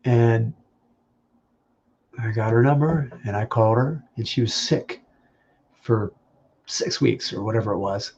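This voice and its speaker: A man with a gravelly, creaky voice tells personal stories at a memorial, stopping and restarting his phrases with small laughs in between. He speaks over a video call, and the audio is dull and lo-fi. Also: mid-range voice, unhurried, long pauses, a little mellow, slight background noise. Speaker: speaker giving a eulogy.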